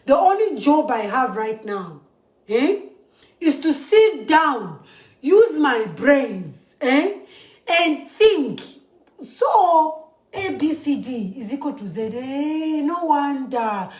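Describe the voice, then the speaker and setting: High-voiced Zambian woman, impassioned monologue. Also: very animated, takes it slowly, roomy sound. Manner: mixes English with local language, keeps asking "eh?". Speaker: social media commentator.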